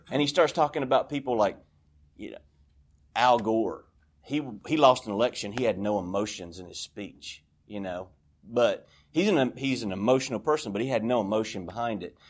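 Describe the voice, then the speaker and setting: A man speaking candidly and at length as the speaker at a recovery meeting in a church, rambling and confessional. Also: medium pitch. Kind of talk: personal share at a recovery meeting.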